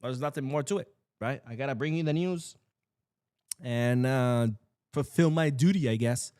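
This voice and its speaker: An animated man talks through football transfer news on his own show. He rants in a casual, sarcastic way, swears freely and acts out other people's lines. His mid-pitched voice sounds dry and close. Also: normal speed, clear, resonant tone, dry recording. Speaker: football podcast host. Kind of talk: solo casual commentary.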